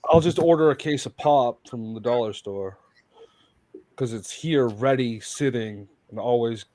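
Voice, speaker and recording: A man's voice: mid-range voice, measured pace, mellow, no room sound. A man co-hosting a casual livestream chat, blunt and laughing, swearing casually. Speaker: co-host.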